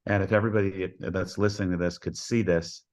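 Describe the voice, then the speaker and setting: A man with a very deep voice tells stories as a podcast guest, in a folksy, homespun way. He acts out the dialogue in his anecdotes as he goes. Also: fairly even intonation, brisk. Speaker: head softball coach, podcast guest. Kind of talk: storytelling in a podcast interview.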